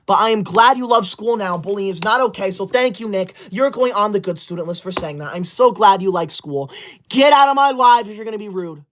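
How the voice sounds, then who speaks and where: A performer playing a self-righteous young livestreamer who loves school, scolding the chat with indignant, sudden shouted outbursts into a close mic. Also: medium pitch, lively intonation, brisk, a little hiss or hum, close to an everyday voice. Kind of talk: comedy sketch livestream.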